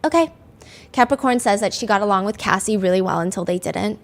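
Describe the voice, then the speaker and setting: A woman's voice: medium pitch, fast. Chatty woman recapping a trial. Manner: chatty, animated, dry asides. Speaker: podcast host. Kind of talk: casual true-crime storytelling.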